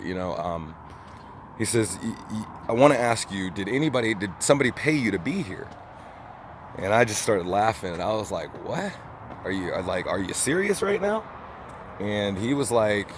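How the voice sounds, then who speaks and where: A man with a lowish voice talks straight to his camera outside, earnest and rambling, circling back over his own words. Faint outdoor street ambience hums behind him. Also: a little hiss or hum. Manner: rambling, repeats himself, earnest. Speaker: vlogger. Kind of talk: casual monologue to camera. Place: outdoors, picking up trash.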